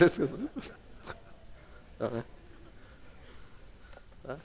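A man's voice: medium pitch, lively intonation, a little slow, pauses often, a little mellow. A middle-aged male pastor preaching a sermon, rambling with many fillers and restarts and laughing often as he talks.

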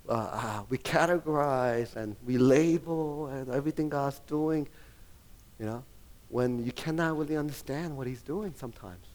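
Male pastor, middle-aged, rambling sermon, lots of ums and restarts, laughs a lot, average pitch. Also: a little mellow. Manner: rambling, full of fillers and restarts; laughs often while preaching.

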